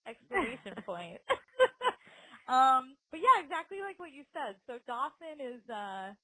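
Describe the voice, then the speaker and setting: A woman's voice: sits high, very animated, measured pace, sharp tone, dry recording, low-quality recording. A woman co-hosting a podcast in casual chat, laughing often and talking with lots of fillers. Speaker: podcast co-host.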